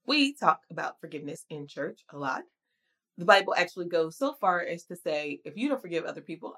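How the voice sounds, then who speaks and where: A woman's voice: on the low side, very animated, a little fast, a bit bright. A woman preaching a casual devotional sermon in a conversational, slangy and emphatic way.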